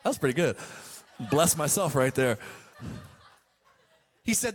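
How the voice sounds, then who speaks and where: High-voiced man preaching a lively sermon. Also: normal speed, long pauses. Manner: swings between loud calls and quiet asides, asks for amens.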